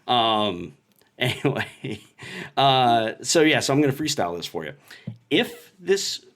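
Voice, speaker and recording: A man's voice: mid-range voice, sing-song, measured pace, a bit bright. Guy cohosting a podcast at home, joking a lot, voice jumps all over. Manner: joking, reads listener messages aloud. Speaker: podcast co-host. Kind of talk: casual podcast chat. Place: home playroom.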